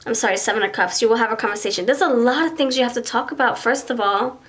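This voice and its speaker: A woman's voice: a little high, fast, fairly bright tone. A woman reading tarot cards for viewers. She thinks aloud as she pulls the cards and often stops and restarts her sentences. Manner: acts out imagined dialogue between partners. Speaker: tarot reader. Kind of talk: pick-a-card tarot reading.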